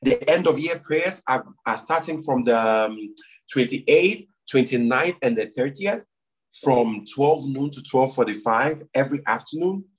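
A man's voice: mid-range voice, animated, measured pace, husky, rough recording. A man pastor leading prayer and giving church announcements, earnest and repeating phrases for emphasis.

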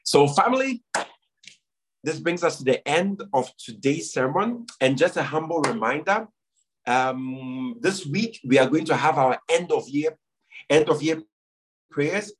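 A man leads a congregation in prayer and reads out the week's announcements. His voice sits a little high and has a husky grain, and he leans on repetition to press each point home. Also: lively intonation, unhurried, low-quality recording. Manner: repeats phrases for emphasis, earnest exhortation. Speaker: pastor. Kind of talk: sermon and church announcements.

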